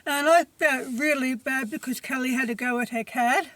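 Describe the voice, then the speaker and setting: A woman's voice: high voice, normal speed, a bit bright, no room sound. A woman telling a storytime vlog in a chatty, rambling way, often saying "I mean". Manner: chatty, rambling, fills with "I mean" and "you see what I mean". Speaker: vlogger.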